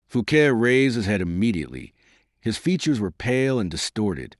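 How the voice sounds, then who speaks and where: Male audiobook narrator, low voice, expressive, dry close recording. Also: moderate pace, no echo. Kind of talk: scripted narration.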